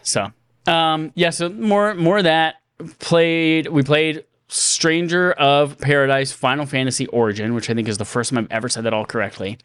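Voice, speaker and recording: A man's voice: a little high, fairly even intonation, moderate pace, fairly bright tone, smooth, no echo. A man co-hosting a podcast, chatting casually and laughing often. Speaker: podcast co-host. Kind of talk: casual chat.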